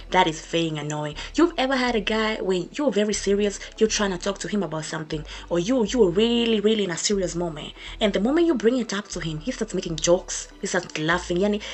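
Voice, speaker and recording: A young woman vlogger giving a sassy, emphatic storytime rant to camera, repeating her points for effect. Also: medium pitch.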